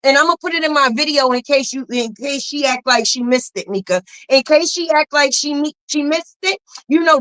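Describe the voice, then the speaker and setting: Sassy high-voiced woman dishing gossip. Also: a bit bright. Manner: sassy, emphatic, with frequent drawn-out mm-hmms; blunt and profane. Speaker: commentary channel host. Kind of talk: casual gossip commentary.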